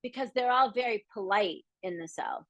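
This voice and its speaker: A middle-aged woman talks straight to her class, frank and animated, slipping into little acted quotes. Her voice sits a bit high, and the sound is close and dry with no room around it. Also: normal speed, no echo, dull audio. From Boston area, Massachusetts. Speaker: business coach. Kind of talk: live masterclass talk.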